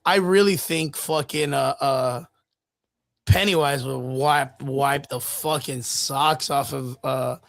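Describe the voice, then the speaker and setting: A man's voice: mid-range voice, fairly even intonation, slow pace, gravelly, a bit bright, no echo. A man co-hosting a casual streamed chat show, joking loosely and swearing, with lots of "dude" and "bro". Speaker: podcast co-host. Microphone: streaming mic.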